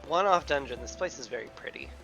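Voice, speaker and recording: A man's voice: mid-range voice, animated, fast talker, vocal fry, bright, forceful tone, dull audio. A man streaming a game, rambling and joking casually through his gameplay commentary. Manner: joking, rambling, self-mocking. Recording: game music behind.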